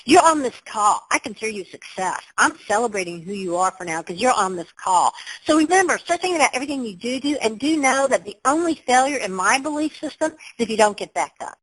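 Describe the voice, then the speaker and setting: A woman's voice: on the high side, animated, fast talker, fairly bright tone, breathy edge, low-quality recording. A woman giving a motivational webinar talk over her computer, emphatic and upbeat, with exclamations. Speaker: webinar presenter.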